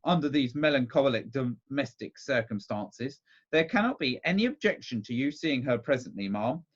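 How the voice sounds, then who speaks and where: Male reader doing timid soft-spoken doctor, mild and placating, lilting, muffled lo-fi storybook read-aloud. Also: medium pitch, lively intonation, moderate pace, breathy edge. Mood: meek placating.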